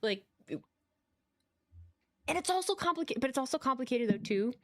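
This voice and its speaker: A woman co-hosting a podcast in casual conversation, with a fairly high voice. She talks emphatically, building into rants and swearing for effect. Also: animated, moderate pace. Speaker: podcast co-host. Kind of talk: casual chat.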